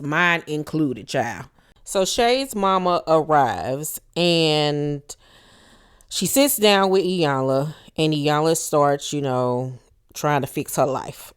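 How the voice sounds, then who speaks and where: A woman's voice: low-pitched, clean tone. A woman casually recapping a reality show, blunt and profane, slipping into quoted voices as she retells scenes.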